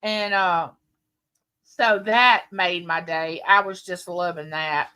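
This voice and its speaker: This late-50s woman has a fairly low, clear and resonant voice with fairly even intonation, and she takes her time. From home, she hosts a casual live stream, warmly telling rambling stories and chatting with viewers.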